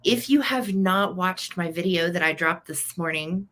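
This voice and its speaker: A woman's voice: on the low side, a little slow, fairly bright tone. A woman hosting a live vintage sale stream, chatting casually and greeting viewers by name.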